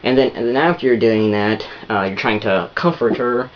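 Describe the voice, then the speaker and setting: A man's voice: mid-range voice, expressive, moderate pace, muffled recording, slight background noise. A man giving relationship advice in a rambling, repetitive casual monologue full of restarts.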